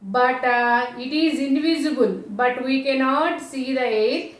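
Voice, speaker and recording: A high-voiced woman with an Indian English accent teaches science to small children, slowly and patiently. She asks a question, answers it herself and repeats the key point. Her voice comes from some way off in an echoey room. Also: distant mic.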